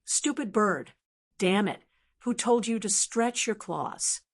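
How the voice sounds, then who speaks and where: A woman voicing a foul-mouthed, whiny male talking blackbird in an audiobook, with a sharp voice and a constant stream of complaints and curses. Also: medium pitch, slow pace. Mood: annoyed. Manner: cursing and complaining. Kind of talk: audiobook character reading.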